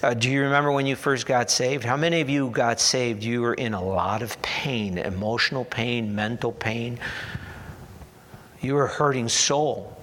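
A man preaching a sermon as pastor, earnest and deliberate, slipping in dry humorous asides. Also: medium pitch, steady tone, fairly bright tone, a little hiss or hum. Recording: long hall reverb.

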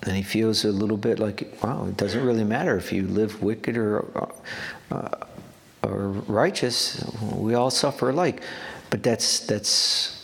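A man's voice: on the low side, a little slow, vocal fry. A man preaching a sermon in an earnest way, often repeating words for emphasis. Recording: long hall reverb, faint background noise.

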